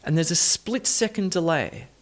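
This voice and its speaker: A man's voice: a little high, lively intonation, moderate pace. A man teaching English pronunciation in an online lesson, talking emphatically and with enthusiasm, stressing words to demonstrate them.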